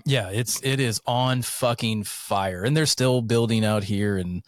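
A man in his thirties from central North Carolina, co-hosting a casual podcast chat, rambling and swearing with animated bursts. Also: lowish voice, measured pace, no room sound, studio quality. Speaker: podcast co-host.

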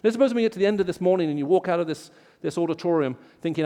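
A man with an English accent, raised in the Middle East, preaching a sermon in an auditorium and telling stories, rising loud for emphasis. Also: high-pitched, rapid-fire, long reverb tail. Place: large auditorium.

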